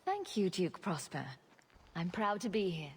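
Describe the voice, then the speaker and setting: A woman voicing a dry-witted female warrior hero who speaks in a calm, matter-of-fact way. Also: lowish voice, unhurried, breathy edge, exaggerated voice.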